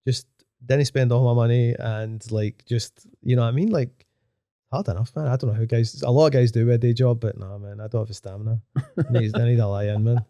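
A young man, a DJ guest, chatting casually in quick, rambling, profane talk full of fillers. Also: medium pitch, fairly even intonation, warm tone, no room sound, lo-fi sound. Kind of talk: casual chat.

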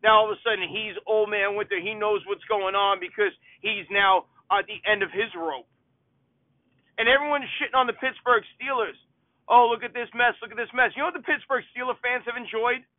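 A man with a very high voice delivers an opinionated sports podcast rant, hammering his points home by saying them twice. The recording is dry and narrow, like it's coming over a phone line. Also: no echo. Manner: animated, opinionated, repeats himself for emphasis. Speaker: podcast host. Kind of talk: sports talk monologue. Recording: dry, tinny phone-like sound.

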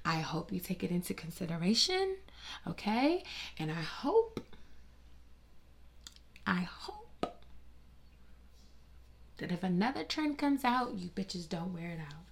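A woman's voice: lowish voice, sing-song, takes it slowly, gravelly, long pauses, slight background noise. A woman vlogger delivering a dramatic, profane, mock-grieving comedic rant with plenty of sass.

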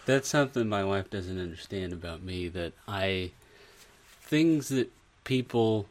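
A man's voice: low-pitched, expressive, a little slow, a little hiss or hum. A man co-hosting a podcast in casual chat, chiming in with wry remarks. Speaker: podcast co-host.

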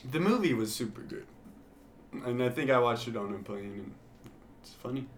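A man's voice: mid-range voice, lively intonation, moderate pace, a little hiss or hum. Young man rambling through a story on a podcast. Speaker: podcast co-host. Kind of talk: casual storytelling. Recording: echoey room with voices around.

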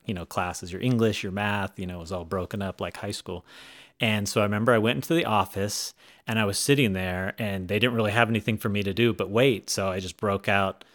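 A man being interviewed as an author, telling stories casually in a rambling, animated way with frequent restarts. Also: on the low side. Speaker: author guest.

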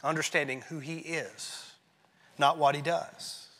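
A man preaching a sermon as pastor, emphatic and rising, then dropping to a hushed tone on key phrases. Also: on the high side, steady tone, measured pace, in a large hall.

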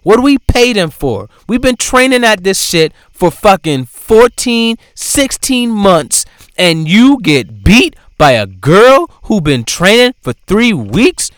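A man voicing an outraged mother who yells and curses at her daughter in a high, shrill voice. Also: big pitch swings, slow pace, no echo, clean studio sound, exaggerated voice. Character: angry white mom scolding her daughter.

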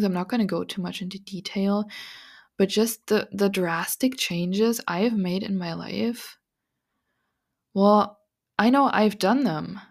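Woman, podcast host, casual spiritual monologue, earnest, confiding, vocal fry, mid-pitched. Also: darkish tone. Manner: earnest, confiding, full of "like" and "you know".

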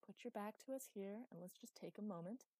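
A woman's voice: medium pitch, brisk, warm tone, no room sound, lightly acted. A woman reading a story, voicing a fierce female hellhound companion who speaks steadily and soothingly. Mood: calm.

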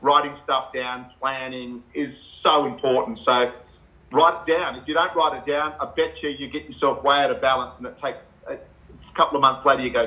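A middle-aged Australian man, a guest in a casual chat, telling animated stories with laughs and acted-out quotes. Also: medium pitch, normal speed, poor audio.

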